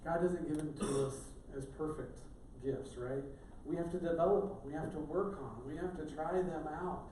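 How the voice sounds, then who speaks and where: A man's voice: on the high side, moderate pace, warm tone, slight background noise. Man preaching in an echoey church. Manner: conversational, joking asides. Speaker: pastor. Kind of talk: sermon. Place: church sanctuary. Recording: echoey church room, distant mic.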